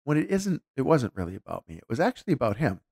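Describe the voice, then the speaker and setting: Man, low and gravelly, dry close mic; candid, reflective storyteller. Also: very animated, fast talker, a little mellow, no room sound. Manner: candid, reflective, with frequent restarts. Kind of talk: casual conversational storytelling.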